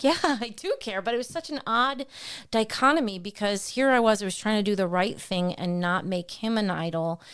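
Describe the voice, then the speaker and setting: On a Christian podcast, a woman co-host earnestly recounts her own family struggles with real feeling, in a conversation about faith and personal stories. Her mid-range voice is clear and resonant, and her retelling is heartfelt and animated, shifting into other voices when she quotes people.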